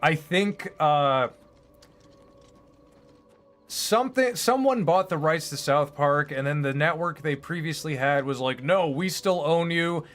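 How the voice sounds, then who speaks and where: A man's voice: on the high side, measured pace, pauses often, a bit bright, soft background music. A man streaming, chatting casually in a rambling, opinionated, profane way. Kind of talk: casual chat while streaming.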